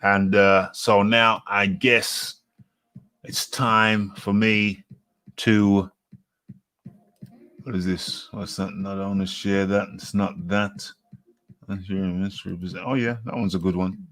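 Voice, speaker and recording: A man's voice: deep voice, flat delivery, slow pace, long pauses, fairly bright tone, dry recording. A man hosting a live boxing talk show, rambling casually and repeating himself as he reads comments. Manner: rambling, self-correcting, repeats phrases. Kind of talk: casual live-stream chat.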